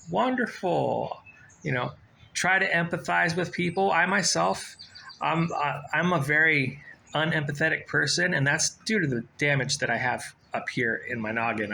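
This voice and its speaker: A man in his forties talking casually to camera, giving job-hunting advice in a rambling, low-key way with frequent fillers and restarts. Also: gravelly, sharp tone, slight background noise, low-quality recording. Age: 40s.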